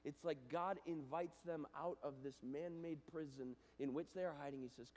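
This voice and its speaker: A man giving a chapel talk to students, animated and casual, swinging between loud and hushed, with plenty of fillers. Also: fairly high pitch, normal speed, hardly any pauses. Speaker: guest speaker. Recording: reverberant hall.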